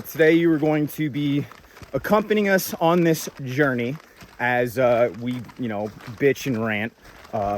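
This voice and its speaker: A man's voice: mid-range voice, background noise. A young man hiking a mountain trail, a bit out of breath, rambling through an opinionated rant with plenty of fillers into a handheld camera outdoors. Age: young adult. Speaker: vlogger hiking. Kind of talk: casual ranting monologue.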